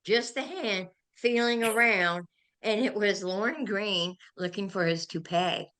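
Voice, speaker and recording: An older woman, a guest on a talk show, telling animated and emotional stories. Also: mid-range voice, takes it slowly. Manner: animated, emotional storyteller who gets carried away. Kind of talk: anecdotal storytelling in a chat.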